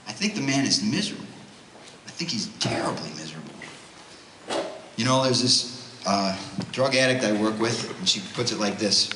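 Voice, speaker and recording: A man giving a religious talk to a youth retreat, telling stories in an animated, conversational way. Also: medium pitch. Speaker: retreat speaker, homeless ministry worker. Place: parish hall. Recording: roomy hall with faint noise.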